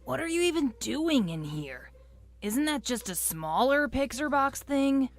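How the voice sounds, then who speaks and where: A woman's voice: high-pitched, sing-song, a little slow, exaggerated voice. A woman voicing a bratty, bossy young woman from another world in a visual novel, impatient and demanding. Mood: curious. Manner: demanding, impatient, calls him useless.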